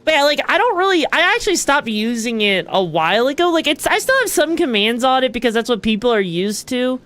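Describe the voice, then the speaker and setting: A woman's voice: high voice, sing-song, a little fast, a bit bright. A woman streamer chatting casually as she sets up a game, rambling with lots of fillers and casual swearing. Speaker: VTuber streamer. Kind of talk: casual gaming stream chat.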